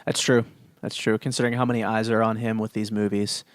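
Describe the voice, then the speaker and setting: A man's voice: fairly low pitch, level tone, fast talker, no echo. A man co-hosting a casual podcast chat, steering the topics in a laid-back, matter-of-fact way. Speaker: podcast co-host.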